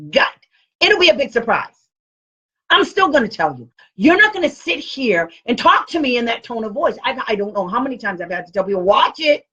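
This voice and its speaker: A blunt, combative woman talks straight to parents in an informal training. Her voice is husky and sits a little high, and her pitch swings widely as she drives her points home. The sound is dull and lo-fi. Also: moderate pace. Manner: animated, blunt and combative, with quoted comebacks. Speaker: special education advocate. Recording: dull lo-fi recording.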